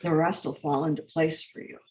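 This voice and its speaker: A woman's voice: deep voice, little pitch movement, brisk, a little mellow. Emphatic woman in an echoey room. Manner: emphatic, heartfelt storytelling. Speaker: host. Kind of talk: spiritual coaching talk.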